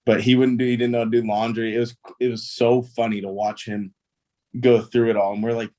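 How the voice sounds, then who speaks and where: A man's voice: mid-range voice, little pitch movement, fairly quick, warm tone. A young man, a pro ballplayer, telling stories in a casual interview, easygoing and rambling with lots of fillers. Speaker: guest, pro baseball player.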